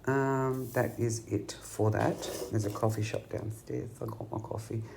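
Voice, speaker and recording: A man's voice: mid-range voice, fairly even intonation, measured pace, vocal fry, noisy background. An Australian man recovering from surgery, chatting to camera from a hospital bed in a rambling way with many ums. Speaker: patient vlogger. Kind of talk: casual chat to camera. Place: hospital room. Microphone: camera at bedside.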